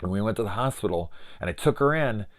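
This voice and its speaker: A man's voice: fairly low pitch, lively intonation, quick pace. A young man reviewing a horror film in casual chat, swearing freely and trailing into restarts as he rambles into a personal story.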